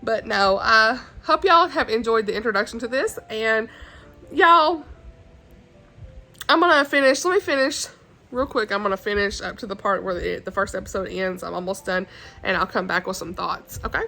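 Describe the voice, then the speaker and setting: A woman's voice: on the high side, normal speed, gravelly, sharp tone, low-quality recording. A woman chatting casually as a book vlogger, giggly and talkative. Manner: chatty, giggly, often says y'all. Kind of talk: casual chat.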